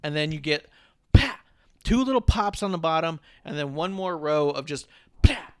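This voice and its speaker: A man's voice: mid-range voice, smooth, no room sound, clean studio sound. Ranting, sarcastic man. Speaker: podcast co-host. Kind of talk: casual wrestling talk.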